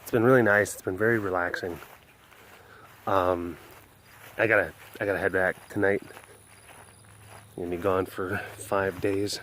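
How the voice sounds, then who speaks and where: A man's voice: low-pitched, steady tone, measured pace, pauses often, a bit bright, slight background noise. A man hosting a casual walk-around webcast outdoors at an animal facility, rambling with lots of fillers and restarts. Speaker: vlog host.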